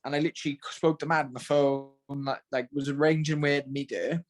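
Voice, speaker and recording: A young man talks fast and high as he rattles off stories, laughing and swearing in slangy chat. He is a guest heard over a call. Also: fairly even intonation. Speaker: guest fighter. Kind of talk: casual podcast chat.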